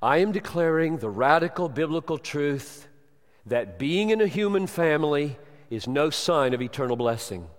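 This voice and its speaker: A man preaching a sermon with fervent emphasis, swinging from loud declarations to hushed tones. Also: a little high, expressive, normal speed. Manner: impassioned preaching with sudden swings from loud to soft. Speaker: pastor. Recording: long hall reverb.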